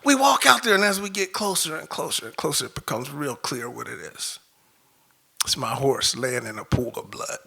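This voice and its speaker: A man telling a personal story live on stage into a microphone, animated, swinging from loud outbursts to hushed moments. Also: medium pitch, moderate pace, gravelly, slightly rough. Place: stage before an audience.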